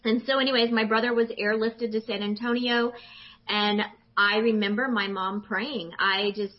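A woman in her forties, a guest telling her personal faith testimony with animated emotion. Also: a little high, normal speed. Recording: dull lo-fi sound.

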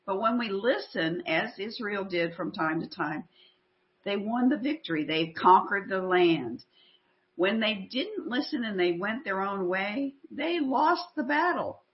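A woman's voice: medium pitch, animated, measured pace. A woman co-hosting a faith talk show, speaking earnestly and with animation, often repeating words as she builds her point. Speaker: podcast co-host. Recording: slightly muffled audio.

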